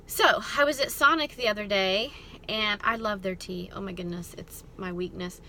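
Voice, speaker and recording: A middle-aged woman, hosting a ministry talk and telling a story in a chatty, expressive way. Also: medium pitch, slight background noise. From American South. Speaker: ministry host. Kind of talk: casual storytelling talk to camera.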